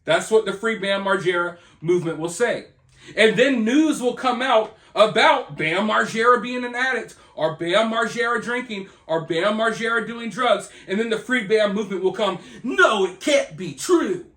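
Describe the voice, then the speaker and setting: A man with a notably high voice rants through a commentary vlog, sarcastic and mocking as he picks the topic apart. The sound is roomy, with a clear echo off the walls. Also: moderate pace, fairly bright tone. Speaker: commentary video host.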